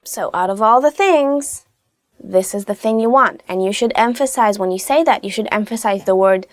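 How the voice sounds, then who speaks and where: A young woman hosting a casual language lesson, chatty and upbeat, slowly modelling phrases. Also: mid-range voice, no echo, clean studio sound. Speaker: language teacher host.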